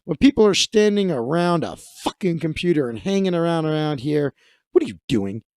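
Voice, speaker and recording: A man voicing a furious male movie star in a British accent, yelling profane threats at a film crew. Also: a little high, big pitch swings, moderate pace, no echo. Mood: furious rant.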